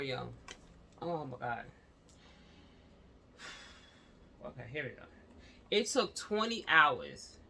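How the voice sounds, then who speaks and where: A woman's voice: deep voice, bright, forceful tone, slight background noise. A woman vlogger at home, giving impassioned casual commentary on a news story and speaking straight to her viewers with repeated fillers.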